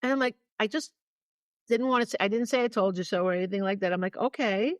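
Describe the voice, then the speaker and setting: A woman's voice: medium pitch, fast talker, dry recording. A woman co-hosting a podcast in casual chat, telling a story with energy and acting out both sides of the phone calls as she goes. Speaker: podcast co-host.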